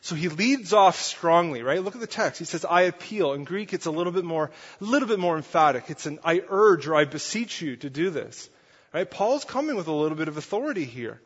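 A man with a higher, slightly husky voice preaches a sermon in a church sanctuary. He keeps an earnest, conversational manner, checking in often with the congregation. The sound is muffled and carries a long, echoing hall reverb. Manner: earnest, conversational preaching with frequent "right?" and "okay?". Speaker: pastor.

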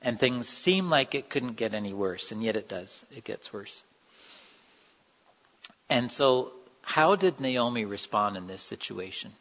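A man's voice: mid-range voice, animated, unhurried, a bit bright. A man giving an earnest, conversational sermon. He acts out the quoted lines with feeling. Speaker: preacher. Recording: dull sound in a reverberant hall.

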